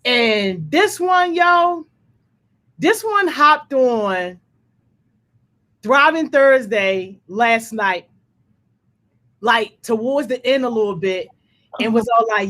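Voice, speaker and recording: A woman's voice: on the high side, takes it slowly, long pauses. A woman hosting a casual video call and talking playfully, dropping "yo" into nearly every line. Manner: says "yo" constantly, animated and playful. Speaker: program host.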